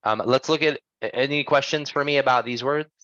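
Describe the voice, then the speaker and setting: A man teaching English pronunciation in an online class, drilling words slowly and patiently. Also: mid-range voice, steady tone, fairly bright tone, dry recording, highs cut off.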